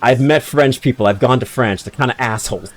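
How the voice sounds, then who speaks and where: A man's voice: medium pitch, brisk, faint music behind. A man streaming a game, rambling through casual, slangy commentary with swearing and self-mocking asides.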